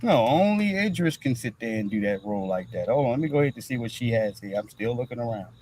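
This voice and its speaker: A man's voice: mid-range voice, animated, fast talker, a little mellow, slight background noise, rough recording. A man hosting a livestream, talking in loose, profane commentary and repeating "all right" between nearly every thought. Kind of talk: casual rambling commentary.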